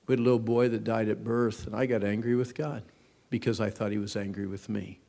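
Gravelly preacher in a reverberant hall. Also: male voice, lowish voice, little pitch movement, fairly quick. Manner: dramatic preaching, swings from hushed to loud. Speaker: pastor and youth counselor. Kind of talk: sermon.

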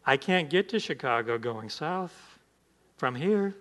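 Man, pastor, emphatic sermon, rhetorical questions, slightly high voice. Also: lively intonation, a little slow, fairly bright tone.

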